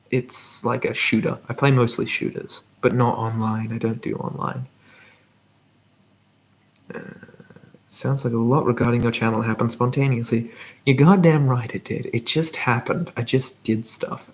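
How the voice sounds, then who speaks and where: A man hosting a live whispered ASMR Q&A, talking softly and rambling as he reads out viewer comments. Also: mid-range voice, slight background noise. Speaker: ASMR channel host.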